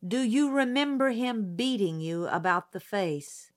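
A calm, dry middle-aged lawyer questioning slowly and patiently, as a woman narrator voices him. His manner is detached and professional, steady rather than loud. An audiobook character voice. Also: medium pitch, pitched above the performer's own voice, natural voice. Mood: measured, persistent.

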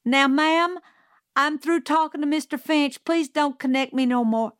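A no-nonsense housekeeper who scolds and calls out firmly, raised in pitch and volume, as a woman reads her part. Her lines come slowly and sound close and dry. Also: fairly even intonation, dry recording. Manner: firm, scolding, calls out loudly.

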